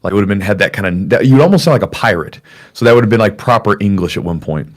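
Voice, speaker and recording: Guy hosting a podcast, real low voice, rambles w lots of ums. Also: lively intonation, racing. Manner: rambling, many fillers. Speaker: podcast host. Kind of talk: casual podcast chat. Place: small upstairs room.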